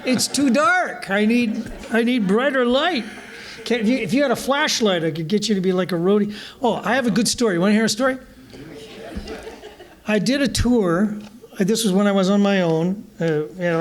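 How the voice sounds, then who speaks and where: An older man, a guest musician, telling stories to a live audience in a bar, animated and often laughing. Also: high voice, normal speed. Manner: animated, laughing, vivid storyteller.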